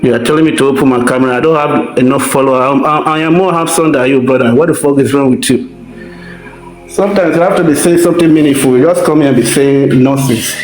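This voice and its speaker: A man's voice: medium pitch, fast talker, soft background music. Scornful man in an echoey room. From Nigeria. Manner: scornful, insulting, swearing. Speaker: livestream debater. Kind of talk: heated livestream argument. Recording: roomy echo.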